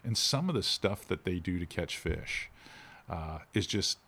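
This is a middle-aged fishing instructor being casually interviewed; he speaks low and at a measured pace, with lively, varied intonation.

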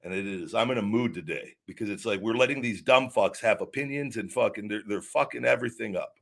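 A man's voice: lowish voice, fast, creaky, a bit bright. Heated, swearing man ranting. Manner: profane, heated, stumbling restarts. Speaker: podcast host. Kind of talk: livestream rant.

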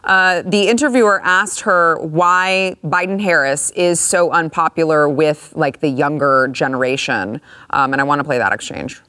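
A woman's voice: low-pitched, normal speed, clean tone, no echo. Sarcastic woman host, dry close sound. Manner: sarcastic, animated. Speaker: show host. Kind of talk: casual political chat.

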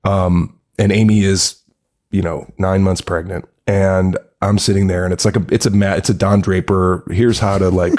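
A man telling a long, animated anecdote as a podcast guest, rambling with many restarts and acting out quoted lines. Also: deep voice, normal speed. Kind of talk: casual storytelling.

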